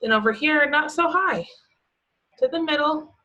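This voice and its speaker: Speaking to preschoolers with slow patience, a woman poses questions and answers them herself, offering encouragement. She has a high-pitched, pushed and bright voice, captured in dull audio.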